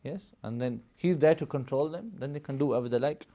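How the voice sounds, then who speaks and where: A mellow mid-range voice moves a little fast as this man teaches a live religious studies lesson. Explaining at length and laughing often, he keeps checking in with the class: "Yes?" "Yeah?"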